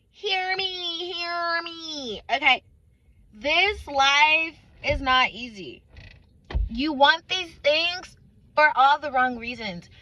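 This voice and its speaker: A woman with a high voice preaches informally and emphatically, driving points home by repeating lines and calling her listener honey and sweetheart. The sound is dry, with no room echo. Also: sharp tone, muffled recording. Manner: emphatic, repeats phrases for stress. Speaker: Christian faith speaker.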